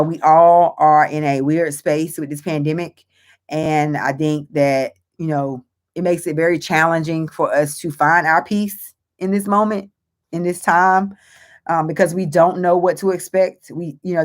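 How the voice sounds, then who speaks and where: A woman hosting a motivational faith talk for her viewers, earnest and emphatic, repeating phrases and using many fillers as she encourages them. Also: sits low. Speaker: host and author.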